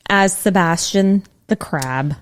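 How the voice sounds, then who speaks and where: A woman's voice: lowish voice, slow pace, clean tone. A woman co-hosting a casual podcast, joking and playful. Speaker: podcast co-host. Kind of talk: casual chat.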